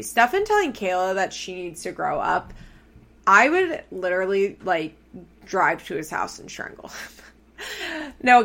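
A young woman recapping a reality TV show in casual, opinionated chat, blunt and quick to swear when annoyed. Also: medium pitch, creaky, a bit bright.

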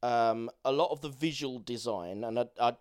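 A man's voice: mid-range voice, normal speed. Chatty man rambling about a film. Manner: rambling, enthusiastic, swears casually. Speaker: podcast co-host. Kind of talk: casual film review chat.

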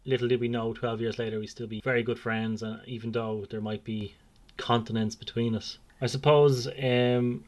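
A man's voice: medium pitch, level tone, moderate pace, darkish tone. A man in his thirties with an Irish accent hosting a podcast, talking in a rambling way with many restarts and fillers. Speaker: podcast host. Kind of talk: casual podcast chat. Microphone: video call.

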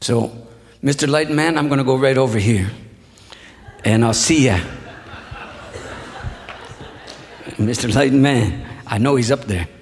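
A man telling a long story to a live audience in an unhurried, reflective, folksy way. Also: mid-range voice, gravelly, long reverb tail. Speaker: spoken-word storyteller. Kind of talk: live spoken-word storytelling. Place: hall before an audience.

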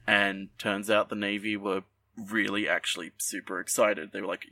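Low, bright man, rambling podcast chat. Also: little pitch movement, normal speed, recorded from a distance. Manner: rambling, many fillers and restarts. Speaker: podcast co-host. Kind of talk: casual chat.

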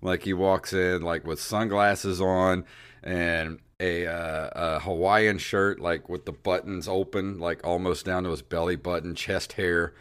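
A podcast co-host with a deep voice and clean tone speaks unhurriedly as he tells a long anecdote in casual chat. He's animated, acting out the voices of the people in his story.

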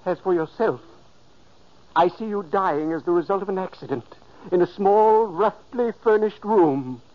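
Elderly ghost narrator, earnest and commanding, fairly high voice, lo-fi old radio sound. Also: male voice, unhurried. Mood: coaxing. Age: older. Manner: solemn, pleading, softly commanding. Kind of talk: 1940s radio drama narration. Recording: dull lo-fi 1940s radio recording.

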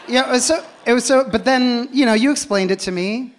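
A man chatting as a guest on a live podcast stage, animated and laughing, telling stories with quick restarts. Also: very high-pitched, some chatter behind. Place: stage before a live audience.

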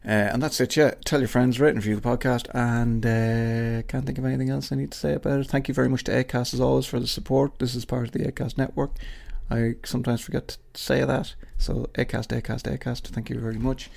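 A man's voice: mid-range voice, little pitch movement, a little fast, creaky, few pauses, darkish tone. A middle-aged Irish man hosting his own podcast, rambling and swearing through a jokey sign-off with asides to an imagined colleague. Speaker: podcast host. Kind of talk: casual solo podcast outro.

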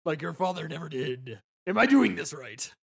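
A man's voice: fairly high pitch, very animated, moderate pace, creaky, fairly bright tone, slightly rough, full character voice. A man playing a captured pirate in a tabletop role-play game, talking with a pirate growl and mock-therapist jabs. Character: captured male pirate, gruff and sardonic.

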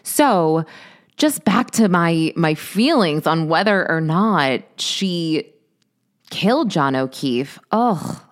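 A woman's voice: lowish voice, lively intonation, slow pace. A woman hosting a podcast, talking through news stories in a chatty, opinionated way with lots of asides. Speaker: podcast host. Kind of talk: casual solo commentary.

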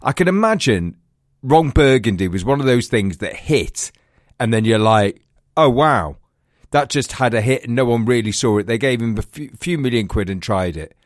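A man's voice: medium pitch, expressive, moderate pace, no room sound, studio quality. A man co-hosting a film podcast, chatting casually and laughing easily. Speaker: podcast co-host. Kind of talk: casual chat.

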